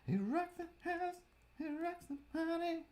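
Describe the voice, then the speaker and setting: A man chanting a party jingle in a high falsetto as a hype-man figure. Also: animated, unhurried, darkish tone. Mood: hyped.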